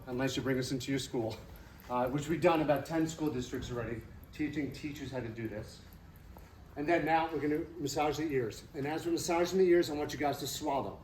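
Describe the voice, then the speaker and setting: A man leading a stress-relief exercise for a live audience, coaching them and asking questions. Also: a little high. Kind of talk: live workshop talk to an audience. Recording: roomy hall, voice from off-mic with faint noise.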